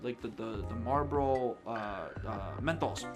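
A man's voice: medium pitch, moderate pace, over loud music. A young man co-hosting a casual podcast, rambling through a story, swearing freely and acting out the quoted lines. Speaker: podcast co-host. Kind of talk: casual chat.

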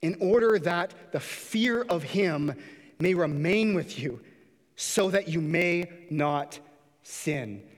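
Man, pastor, impassioned sermon, high voice, church sanctuary, long reverb. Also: animated, takes it slowly. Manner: impassioned preaching with mocking voices for quotes.

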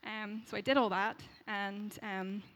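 A woman in her thirties from Derry with a Northern Irish accent, telling a personal faith testimony in an animated way, laughing as she goes and acting out the voices she quotes. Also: medium pitch, a little slow. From Derry, Northern Ireland. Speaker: speaker sharing a faith testimony.

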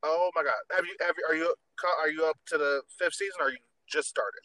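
A man's voice: fairly high pitch, fairly even intonation, a little fast, a loud crowd, low-quality recording. A man hosting a podcast in casual chat, campy and gossipy, swearing freely. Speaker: podcast host.

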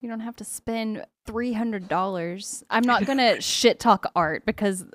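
A woman's voice: mid-range voice, a little slow, dry recording, studio quality. A young adult woman co-hosting a podcast in casual chat, candid and joking. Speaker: podcast co-host.

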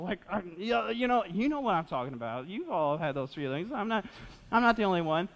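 A man in his twenties preaching a sermon as pastor, animated and casual, full of fillers and asides to the congregation. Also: high-pitched, fairly quick. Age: 20s. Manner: animated, repeats himself with fillers, jokes with the audience. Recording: long reverb of a church hall.

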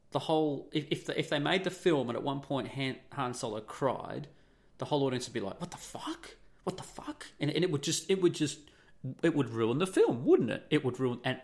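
A middle-aged man hosting an opinionated monologue, blunt and profane, firing off rhetorical questions. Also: mid-range voice.

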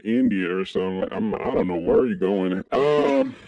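A man from Kentucky co-hosting a crude comedic podcast, talking in an animated way with sudden high exclamations. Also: normal speed, no echo, muffled recording. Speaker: podcast co-host.

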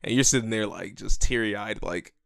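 Young guy w a gravelly voice, teasing and clowning on a podcast, dry mic. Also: on the low side, fairly bright tone, no room sound. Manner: joking, teasing and quick to protest. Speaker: podcast co-host. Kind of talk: casual chat.

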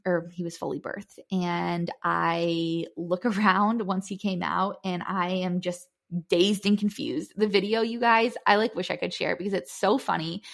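Young female podcast host, low register with a gravelly edge; chatty, animated personal storytelling. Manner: chatty, animated retelling with frequent fillers.

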